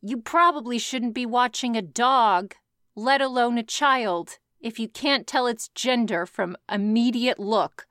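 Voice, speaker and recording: A woman's voice: a little high, measured pace, a bit bright, dry recording, clean studio sound. A woman reading fan fiction aloud and breaking off to mock it with sarcastic, profane comments. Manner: sarcastic, profane, laughs often. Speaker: reader reacting to fan fiction.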